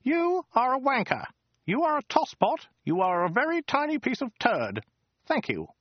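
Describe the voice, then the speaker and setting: A squeaky, weaselly alien clerk. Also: male voice, wildly swooping pitch, normal speed, no echo, dull audio, exaggerated voice. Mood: insulting. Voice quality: small, weaselly voice. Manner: fussy, politely officious. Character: prim tall male alien insulter with clipboard.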